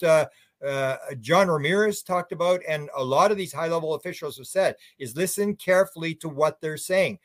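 A man's voice: a little high, no echo. An older man as an author guest on a radio show, answering in a rambling and bluntly opinionated way with many restarts.

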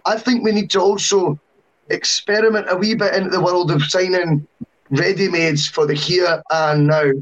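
High-voiced man, lo-fi sound. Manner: long animated opinions, self-mocking asides. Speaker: podcast panelist. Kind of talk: casual football podcast chat. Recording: dull lo-fi sound.

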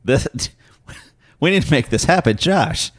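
A man hosting a podcast, teasing his co-host in playful, animated casual chat. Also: fairly high pitch, measured pace, dry recording, studio quality.

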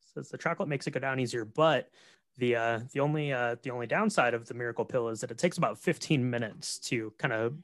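A man talks through a movie's story in a relaxed, rambling way, leaning on fillers. His voice sits at a middling pitch, and the recording is dry and close. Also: fast, no room sound. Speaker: podcast co-host. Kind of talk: casual movie recap chat.

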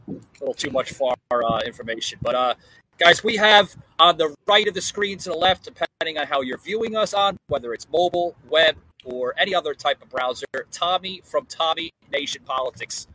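A man hosts a casual political podcast, his voice bright and a little husky. He talks with many fillers and restarts, sounding hesitant as he searches for his words. He is recording outdoors on a porch. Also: on the high side, normal speed, low-quality recording. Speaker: podcast host. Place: outdoor porch in a hot climate.

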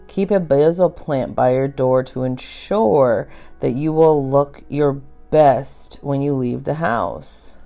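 A woman's voice: a bass voice, warm tone. A woman hosting a tarot podcast alone, chatty and rambling, full of fillers. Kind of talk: casual solo podcast reading.

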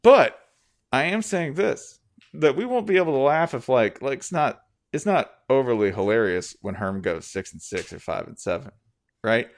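A man's voice: mid-range voice, moderate pace. Sarcastic guy hosting a sports podcast, voice all over the place. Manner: sarcastic, animated, joking. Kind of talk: casual sports podcast chat.

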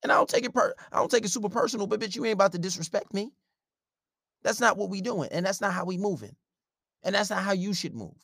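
A man's voice: high-pitched, lively intonation, fast talker, creaky, fairly bright tone, no room sound, studio quality. A man delivering a blunt, profane advice rant in a confrontational way. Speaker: relationship advice commentator. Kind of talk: ranting advice monologue.

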